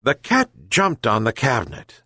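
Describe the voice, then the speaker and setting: A male reader telling a fable in a slow, careful storybook style meant for language learners. His pitch is mid-range but rises and falls very widely. The recording is dry and close to the mic. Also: very animated, fairly bright tone, dry recording. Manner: slow, deliberate reading for learners. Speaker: audiobook reader. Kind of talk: scripted storybook narration.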